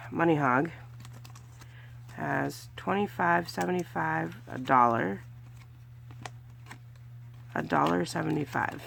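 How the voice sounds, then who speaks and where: A deep, fairly bright woman's voice with vocal fry, plus a little hiss or hum. She's a California budgeting vlogger narrating her cash challenges casually, chatty and counting money aloud with small cheers.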